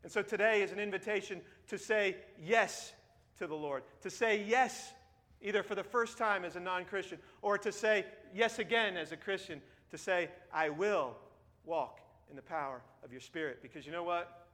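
Male pastor, 30s, bright and tense tone, long church reverb. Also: high voice, normal speed. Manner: earnest, drops to a hush then rises emphatic. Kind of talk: sermon. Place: church sanctuary. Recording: long reverb of a large hall.

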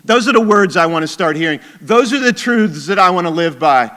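Casting: male pastor with a high, bright voice, preaching in an easy, conversational way. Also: lively intonation, fairly quick. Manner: conversational preaching, drops to quiet intensity. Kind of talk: sermon.

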